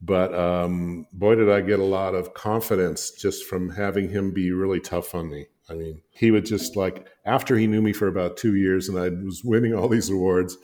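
Older male guest, deep-voiced raconteur, loose and chuckling with fillers. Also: fairly even intonation, moderate pace, hardly any pauses, a little mellow. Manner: rambling, chuckling, frequent fillers. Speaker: guest, designer and author. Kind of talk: anecdotal storytelling in conversation.

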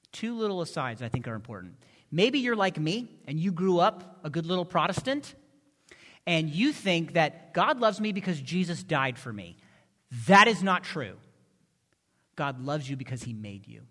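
A male pastor preaching a sermon, impassioned, moving from soft pleading to loud emphasis. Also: a little high, sing-song, normal speed. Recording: long reverb of a large hall.

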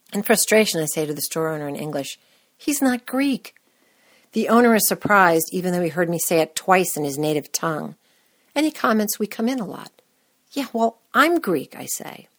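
A woman's voice: low-pitched, dry recording, studio quality. A woman from the United States hosting a podcast, reading a scripted personal story with wry, self-deprecating humor. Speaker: podcast host.

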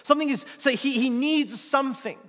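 Pastor, male, high voice, preaching with strong swings from emphatic to hushed, long hall reverb. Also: a little fast. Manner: swings from loud emphatic lines to hushed, near-whispered asides. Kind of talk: sermon.

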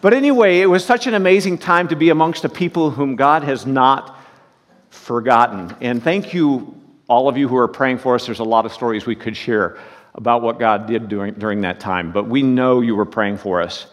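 A man's voice: mid-range voice, normal speed, in a large hall. A man preaching a sermon as pastor, folksy and joking as he tells stories.

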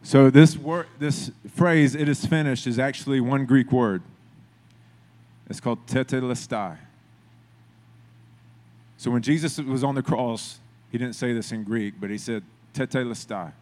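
A man's voice: mid-range voice, measured pace, long pauses, darkish tone. A man preaching a sermon in a conversational way, building to emphatic, repeated phrases. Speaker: pastor.

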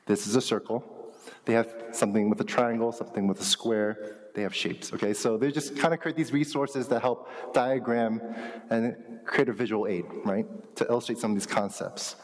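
A pastor delivering a relaxed, animated sermon, talking with his church like a friend. His voice sits in an ordinary middle range. A long reverb hangs on every phrase, as in a large hall. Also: mid-range voice, moderate pace. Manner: conversational, animated teaching with asides.

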